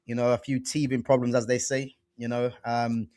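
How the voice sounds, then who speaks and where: Laid-back and loose, this young podcast host chats about football in slang, dropping "man" and "bro" throughout. His mid-range voice is flat and mellow at a normal speed, and the studio sound is clean with no echo.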